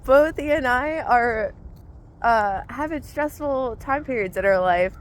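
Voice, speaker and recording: A woman's voice: sits high, measured pace, slight background noise, low-quality recording. Woman chatting casually on an outdoor walk. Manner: relaxed, rambling, thinking aloud. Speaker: vlogger and mindset coach. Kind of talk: casual spoken gratitude journal.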